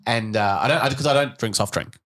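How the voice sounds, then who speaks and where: A woman's voice: rumbling low, fast, fairly bright tone. A woman co-hosting a podcast, chatting casually, joking and rambling through stories with lots of laughing. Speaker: podcast co-host. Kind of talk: casual chat.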